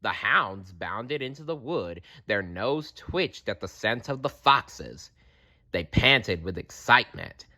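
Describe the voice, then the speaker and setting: A man reading a children's animal storybook aloud in a slow, expressive way. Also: on the low side.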